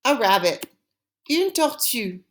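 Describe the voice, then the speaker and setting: A woman teaching French vocabulary, saying each word clearly and repeating it for students to copy. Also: fairly high pitch, big pitch swings, a bit bright. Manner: slow, deliberate, repeating words for students. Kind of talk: language lesson drills.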